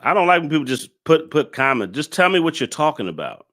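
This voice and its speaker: A man's voice: a little high, big pitch swings, fast talker, fairly bright tone. A man hosting a live stream, reacting to a clip and scolding his chat commenters in an exasperated way.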